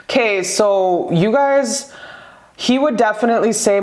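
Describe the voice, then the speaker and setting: A woman doing a casual pick-a-card tarot reading, excitable and gushing, rambling into asides and swearing freely. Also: mid-range voice, unhurried, echoey room.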